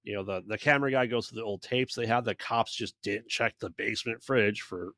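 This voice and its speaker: A man's voice: on the low side, brisk, pushed and bright, no room sound, studio quality. A man co-hosting a podcast, recapping a bad movie in loose casual chat and acting out characters' lines along the way. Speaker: podcast co-host.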